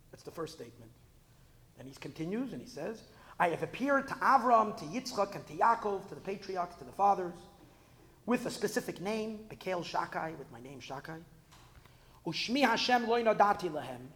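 Impassioned man teaching Torah, high voice. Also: a bit bright, long reverb tail. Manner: impassioned, rising to emphatic peaks, frequent restarts. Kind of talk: Torah lecture.

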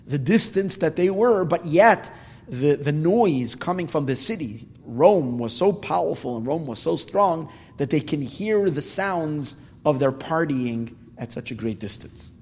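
Recorded with long hall reverb, a man teaching a Torah class tells a Talmud story in a husky, slightly high voice at a measured pace. He cites Hebrew lines, explains them in English, and rises animatedly for emphasis.

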